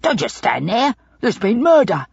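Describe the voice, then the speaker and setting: Casting: woman doing a hulking rough man, husky and low, muffled audiobook sound. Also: big pitch swings, normal speed, a little mellow, no room sound, exaggerated voice. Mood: savage. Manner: rough, belligerent, coarse slang. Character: burly gruff male London lodging-house man.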